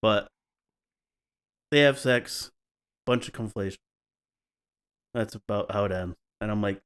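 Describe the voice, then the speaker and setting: A man's voice: fairly low pitch, measured pace, long pauses, fairly bright tone, clean tone. A man hosting a podcast, retelling stories in a casual, wry way and slipping into playful mock voices. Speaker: podcast host.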